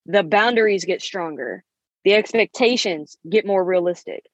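A woman's voice: mid-range voice, moderate pace, no echo, highs cut off. A woman in her thirties hosting a podcast, giving an emphatic, preachy motivational talk with endearments. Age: 30s. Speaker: podcast host.

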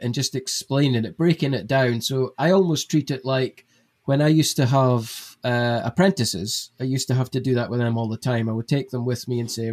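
A man's voice: mid-range voice, steady tone, normal speed, a little mellow. A young man, a TV gardening presenter, chatting as a podcast guest and breaking ideas down step by step. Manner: chatty, explains things step by step. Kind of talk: casual podcast chat.

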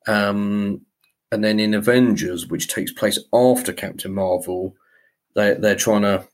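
A man with a somewhat low voice co-hosts a casual podcast. He recaps a film's plot in a chatty way, hesitating often with ums and repeated words. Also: steady tone, a little slow. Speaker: podcast co-host. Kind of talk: casual film-discussion chat.

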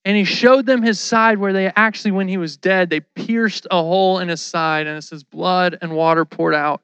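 A man giving a casual, lively sermon, telling the story with slang and acting out the people in it. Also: sits high, moderate pace, clean tone, no echo, dull audio.

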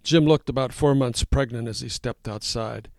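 A man reading his own first-person story aloud, with a wry tone and lively voices for the dialogue. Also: medium pitch, moderate pace, vocal fry, no echo, clean studio sound.

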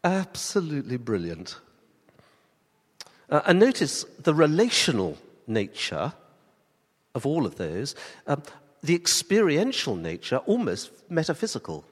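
A man preaching a sermon to his church congregation, swinging from emphatic rising questions to slow, soft emphasis. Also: on the high side, wildly swooping pitch, breathy edge, in a large hall. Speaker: pastor.

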